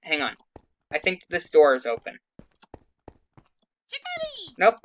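A woman's voice: sits low, expressive, slow, fairly bright tone, highs cut off, slight background noise. A woman hosting a casual gameplay video, chatting playfully and talking to her in-game pets. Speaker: let's play host. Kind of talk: casual gameplay chat with light role-play.

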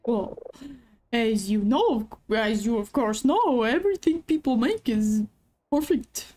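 A woman's voice: fairly high pitch, lively intonation, takes it slowly, dark tone. A woman voicing a kindly old grandpa bear who runs a mill, chatty and folksy. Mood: wondering. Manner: folksy, chatty, fond of old-timey phrasing.

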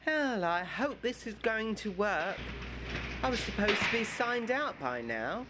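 A man's voice: high-pitched, big pitch swings, a little slow, very noisy. A man putting on camp, panicky prison staff voices in a homemade parody sketch. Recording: music playing behind the voice.

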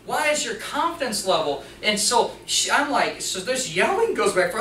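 Animated male trainer, echoey room. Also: high-pitched, moderate pace, few pauses, a little hiss or hum. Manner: animated storytelling, acting out dialogue in quotes. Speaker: workplace trainer and mechanic. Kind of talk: live presentation to an audience. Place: meeting room at a hospital. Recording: roomy echo, distant mic.

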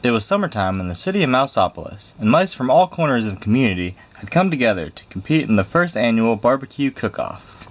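A man reading a picture book aloud in a lively, expressive way. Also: mid-range voice, fast talker, slight background noise. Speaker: storybook reader.

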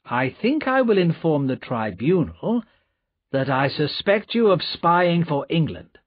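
A calm, resolute gentleman from a storybook, speaking slowly and smoothly, as a man voices him. There is a slight huskiness, and the dry sound is a little dull. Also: fairly high pitch, no room sound, pitched above the performer's own voice. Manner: calm, measured, slow.

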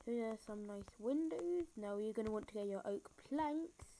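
A woman's voice: fairly high pitch, animated, normal speed, warm tone, a little hiss or hum, poor audio. A woman talking through a building tutorial in a rambling, self-mocking way, full of fillers, recorded on a phone screen recorder. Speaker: game tutorial maker. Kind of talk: casual building tutorial commentary. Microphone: phone screen recorder mic.

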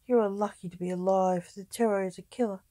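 A woman's voice: medium pitch, fairly even intonation, a little fast, warm tone, dry recording, natural voice. A woman voicing a friendly, curious king in a storybook reading, asking questions in a slightly raised voice.

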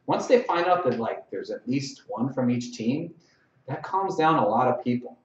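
A man's voice: medium pitch, lively intonation, moderate pace, far from the mic, a little hiss or hum. A man giving a conversational training lecture in a room, often checking in with "okay?" and acting out sample lines. He sounds roomy and set back from the mic. The dull live-stream audio has little sparkle. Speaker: lacrosse officials trainer. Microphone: distant mic.

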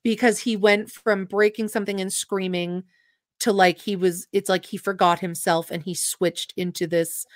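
A woman's voice: medium pitch, flat delivery, moderate pace, no echo, studio quality. A young adult woman, a podcast guest, earnestly and emotionally retelling a personal story with quoted dialogue.

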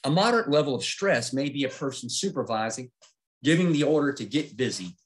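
With lively intonation and a fairly quick pace, a middle-aged man in a mid-range voice runs through an aviation safety presentation. He moves through the slides one step at a time, speaking plainly and asking "okay?" to check in.

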